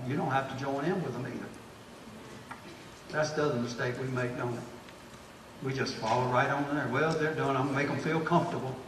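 A man, a pastor preaching a sermon to his church group, exhorting and repeating phrases as he builds to loud, emphatic bursts. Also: medium pitch, background noise. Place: church hall. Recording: echoey hall, distant mic.

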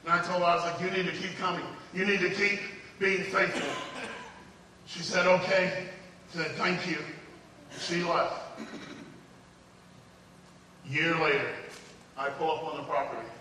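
Preacher, male, bright sharp voice, off-mic in a big reverberant church, loud and quiet by turns. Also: on the high side, steady tone, unhurried, pauses often, a little hiss or hum. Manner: swings from loud emphatic preaching to hushed quoted dialogue. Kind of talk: sermon storytelling. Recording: echoey hall from far off, faint ambience.

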